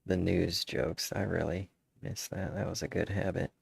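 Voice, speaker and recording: A man's voice: low-pitched, little pitch movement, normal speed, vocal fry, breathy edge, no room sound. A man musing aloud in a meandering, casual monologue, restarting his sentences as he thinks.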